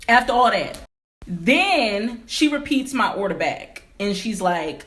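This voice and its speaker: A woman's voice: mid-range voice, unhurried. A young adult woman telling a story in a casual vlog at home, ranting emphatically with lots of swearing. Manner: animated, profane, emphatic ranting. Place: home game room.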